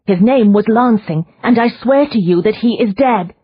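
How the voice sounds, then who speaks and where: A woman reading an audiobook voices a calm, determined young Victorian heroine who speaks gently but firmly. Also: on the high side, normal speed, slightly rough, dull audio, voice pushed up. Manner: gentle but firm, soothing. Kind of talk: audiobook character voice.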